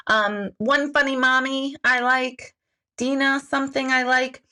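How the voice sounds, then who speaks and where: A woman in her forties, an intuitive life coach, chatting candidly with viewers in a sarcastic, jokey way and swearing freely. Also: fairly high pitch. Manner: animated, jumps between comments. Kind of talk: casual live chat answering viewer comments.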